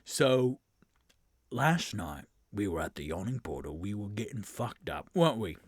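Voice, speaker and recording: A man's voice: fairly low pitch, very animated, measured pace, breathy edge, dry recording, studio quality, full character voice. A man doing a foul-mouthed, fed-up bandit boss. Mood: griping. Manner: swears constantly, rambling grievance.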